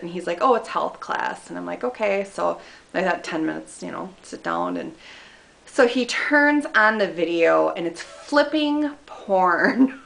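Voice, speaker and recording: A woman casually telling funny personal stories about a friend, animated and self-mocking, laughing as she goes. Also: fairly low pitch, vocal fry.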